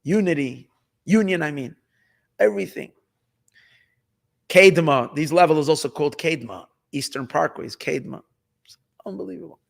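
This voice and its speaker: A man teaching a Hasidic text as a rabbi, excitable and emphatic, repeating phrases and mixing in Hebrew terms. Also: a little high, normal speed, creaky, long pauses. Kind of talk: animated Torah class. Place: study hall.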